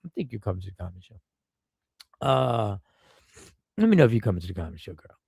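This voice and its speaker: A man's voice: fairly low pitch, sing-song, fast talker, darkish tone, no room sound, studio quality. A man hosting a casual live stream, talking with a stuffy nose from a cold, riffing and repeating himself as he greets viewers by name. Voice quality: gravelly.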